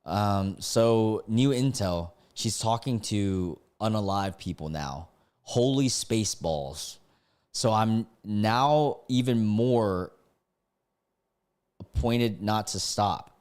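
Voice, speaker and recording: A man's voice: on the low side, takes it slowly, smooth. A young man streaming live, reading stories aloud and reacting with frequent exclamations and laughter. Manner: excitable, laughs and exclaims often.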